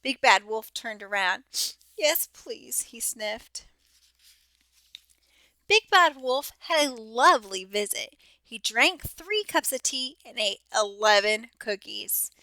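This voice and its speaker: Teacher lady reading a kids book, slow, clear voice, dry sound. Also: a little high, dry recording. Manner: slow, expressive reading to children. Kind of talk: children's storybook read-aloud.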